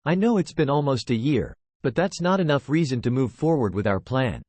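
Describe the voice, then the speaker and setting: Synthetic male voice reading a calm elderly schemer. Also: medium pitch, no room sound, lightly acted. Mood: stern. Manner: calm and measured, turning stern.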